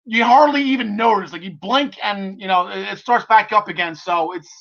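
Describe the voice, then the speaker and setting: High, bright-voiced male podcast host. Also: normal speed, gravelly, dull audio. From half Irish. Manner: enthusiastic, laughs often, many fillers and restarts. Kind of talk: casual wrestling podcast chat.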